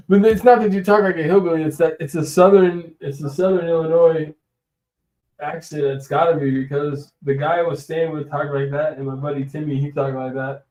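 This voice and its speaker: A man's voice: on the high side, fairly even intonation, moderate pace, darkish tone, rough recording. A man chatting casually on his own livestream, rambling and laughing often as he shows off coins. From US West Coast. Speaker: livestream host. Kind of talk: casual live-stream chat.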